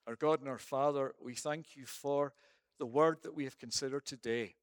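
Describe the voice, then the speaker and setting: A man's voice: medium pitch, steady tone, moderate pace, smooth, dry recording, studio quality. A man preaching a sermon and then leading a prayer, emphatic, with rhetorical questions and repeated phrases.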